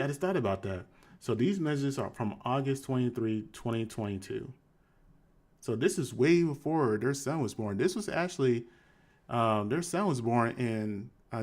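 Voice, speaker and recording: Casual man reading and commenting on texts. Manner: conversational, shifts to flat low reading voice for quoted texts. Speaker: commentary host. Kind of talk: live commentary reading text messages aloud.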